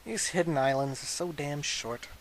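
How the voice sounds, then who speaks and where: A man's voice: a little high, moderate pace, slight background noise. A man giving casual, chatty gameplay commentary as a let's play host, with frequent asides to viewers.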